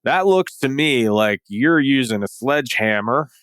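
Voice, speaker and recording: A man's voice: medium pitch, animated, a little slow, a bit bright, clear, resonant tone, no room sound, pitched above the performer's own voice. A man imitating a blunt male Boston construction boss with a Boston accent. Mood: skeptical.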